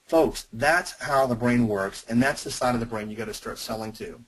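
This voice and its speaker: Husky-voiced man teaching a sales webinar. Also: mid-range voice, moderate pace, rough recording. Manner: emphatic, direct address to listeners.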